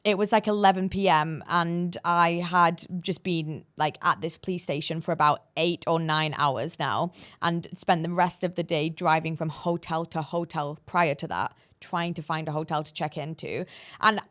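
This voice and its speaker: A woman's voice: sits low, moderate pace, no room sound, studio quality. A woman with a British English accent telling a story casually on a podcast, rambling and full of fillers. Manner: rambling, filler-heavy, animated retelling. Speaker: podcast guest.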